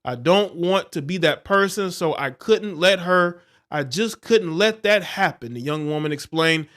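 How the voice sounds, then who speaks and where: A man's voice: on the high side, lively intonation, a little slow, fairly bright tone. A male livestream host who reads a news story aloud and breaks off into scornful, insulting, preachy commentary. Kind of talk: reading news and ranting commentary.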